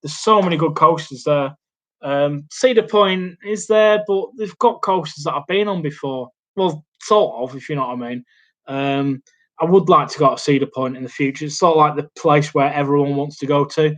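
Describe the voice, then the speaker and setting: A man's voice: on the high side, moderate pace, a bit bright. Rambling man chatting at his laptop. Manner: rambling, hesitant, lots of ums and restarts. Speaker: YouTube host. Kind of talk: casual live Q&A chat. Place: small home studio indoors. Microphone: laptop mic.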